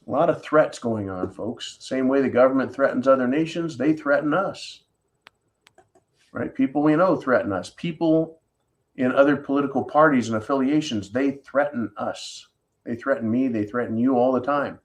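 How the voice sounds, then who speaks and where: A man's voice: mid-range voice, normal speed. A man hosting an opinion commentary monologue, sarcastic and blunt, often tossing in "right?". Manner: sarcastic, keeps asking "right?". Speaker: host.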